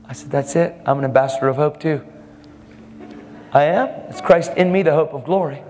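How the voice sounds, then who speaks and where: A man preaching a storytelling sermon, animated, acting out the people in his stories with sudden jumps in pitch. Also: brisk. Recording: long hall reverb, faint music.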